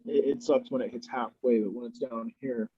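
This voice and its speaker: A laid-back man chats as a podcast guest, drifting through a long, easygoing story. His voice is warm, mellow and a bit husky. The recording is dry and slightly dull. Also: mid-range voice, steady tone, brisk, dry recording. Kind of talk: casual chat while smoking.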